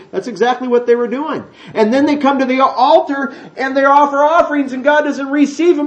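A man preaching a sermon, teaching from the Bible in a chatty, folksy way, reading scripture aloud and slipping into quick voices. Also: extremely high pitch, low-quality recording. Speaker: pastor.

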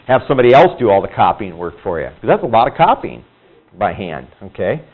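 A man teaching a Bible class in a casual, conversational way, acting out quoted people in higher voices. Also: sing-song, a little fast, slightly rough. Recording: dull lo-fi room recording.

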